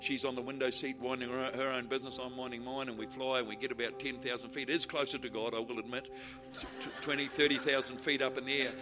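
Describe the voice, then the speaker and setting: Male preacher, mid pitch, humorous storyteller, quiet asides to shouting, music under the voice. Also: level tone, fast talker. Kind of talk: sermon with stories.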